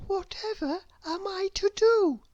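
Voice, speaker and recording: A woman doing a timid tiny man's high whisper. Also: slow pace, dark tone, dry recording, dull audio. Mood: despairing. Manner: high thin pleading whisper.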